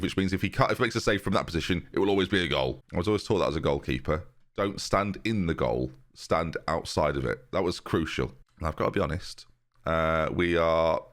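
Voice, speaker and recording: A young man giving chatty, excitable commentary over a football management game, talking straight to his viewers. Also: deep voice, fairly quick. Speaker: game YouTuber. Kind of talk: let's-play commentary.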